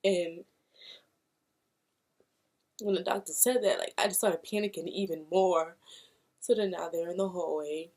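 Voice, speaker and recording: Speaking at a measured pace with long pauses, this young Brooklyn woman has a lowish, darkish voice and fairly even intonation. As a vlogger, she shares a personal story casually on camera and voices the people she quotes.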